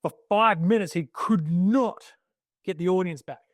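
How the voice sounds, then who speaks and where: Aussie bloke chatting on a podcast, earnest and thoughtful, lots of "like", dry close sound. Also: male voice, sits high, a little slow, no echo. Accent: Australian. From Australia. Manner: earnest, reflective, loose with many fillers. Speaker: guest, army veteran. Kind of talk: casual podcast interview.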